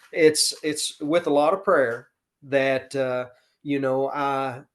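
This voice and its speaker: Unhurried middle-aged man. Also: a little high. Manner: unhurried, many fillers, earnest. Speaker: podcast guest, football coach. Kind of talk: casual interview talk.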